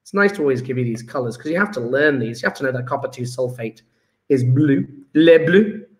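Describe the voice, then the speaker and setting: A man's voice: mid-range voice, lively intonation, fast, fairly bright tone, roomy sound. A man teaching chemistry in a live online lesson, chatty and jokey, reading out pupils' chat messages as he goes.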